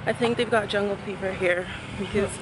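Joking woman over loud street noise. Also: mid-range voice, fairly even intonation. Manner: joking, quick banter. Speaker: vlogger's travel companion. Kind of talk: casual chat.

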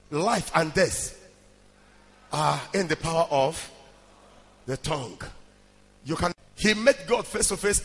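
A male preacher delivering a fervent sermon, often shouting and chanting phrases rhythmically. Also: sits high, big-room sound.

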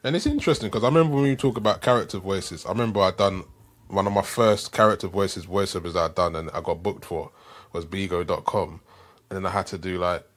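A British man, a voiceover artist, chatting casually as a podcast guest with lots of agreeing yeahs. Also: deep voice. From Britain. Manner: relaxed, agreeable, lots of "yeah".

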